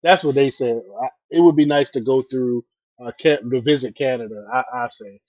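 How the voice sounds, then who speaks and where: A man's voice: mid-range voice, normal speed, a little mellow, no room sound. A man hosting a casual political news commentary, talking hesitantly with fillers and chatty asides to his viewers.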